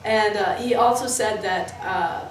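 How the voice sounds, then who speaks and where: A little slow, her mid-range voice carries animated, rambling stories from her work at the club, full of fillers and jumps between tangents; she's from Florida. The recording, made indoors in the club building, is echoey with a distant mic and faint noise.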